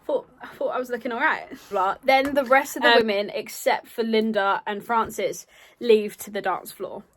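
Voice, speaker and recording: A woman's voice: on the high side, normal speed. A young woman, a drama student, casually presenting her project in a chatty way with playful asides and frequent ums.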